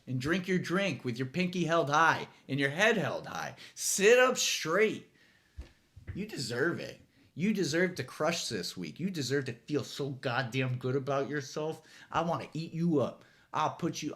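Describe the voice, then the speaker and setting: Lively profane late-night host, a man. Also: medium pitch. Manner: profane, rambling, self-mocking. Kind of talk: casual late-night monologue. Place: studio.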